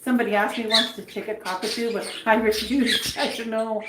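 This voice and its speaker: A pet channel host chats in a rambling, casual livestream from an indoor bird room, cooing at her birds. Her voice is a little high, steady and fairly quick. The birds' chirping and squawking come through clearly in the background.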